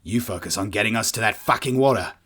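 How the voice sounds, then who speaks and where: A gruff, foul-mouthed starship captain under pressure, as a man plays him. He swears through everything, and his low voice barks orders in a storybook crisis. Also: quick pace, a bit bright. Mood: commanding.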